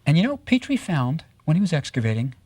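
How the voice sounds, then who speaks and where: A man giving a recorded lecture on Egyptology, telling stories with lively rhetorical questions and frequent tag questions. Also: fairly high pitch, fast, dry recording. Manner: animated storytelling with rhetorical questions; tags statements with "right?".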